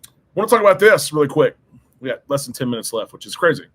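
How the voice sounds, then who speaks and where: A man's voice: fairly high pitch, big pitch swings, fast, fairly bright tone. A man co-hosting a live cruise talk stream, chatting casually and enthusiastically and often restarting his sentences. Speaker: co-host and cruise travel agent.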